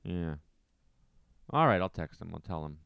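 A man's voice: sits low, animated, normal speed, vocal fry, a bit bright, clear, resonant tone, no echo. A man chatting casually on a podcast, self-deprecating and emphatic, often repeating his points. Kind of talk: casual chat.

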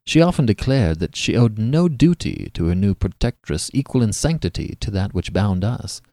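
Male narrator, dramatic classic-tale reading, lively pitch, warm dark tone. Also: moderate pace, no room sound, studio quality. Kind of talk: scripted narration of a classic story.

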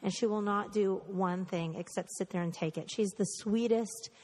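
A woman's voice: medium pitch, steady tone, moderate pace, a little mellow. A woman co-hosting a casual chat, telling stories in an affectionate, chatty way. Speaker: show co-host. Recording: reverberant kitchen.

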